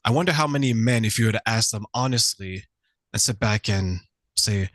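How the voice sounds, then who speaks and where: A man's voice: on the low side, moderate pace, a bit bright, no room sound. A man hosting an interview show, musing earnestly before asking his guest questions. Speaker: podcast host.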